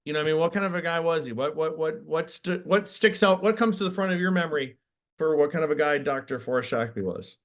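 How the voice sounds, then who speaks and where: Guy hosting an interview, kinda high voice, eager, lots of restarts. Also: fast. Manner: enthusiastic, many restarts. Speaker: interviewer host. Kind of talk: casual interview.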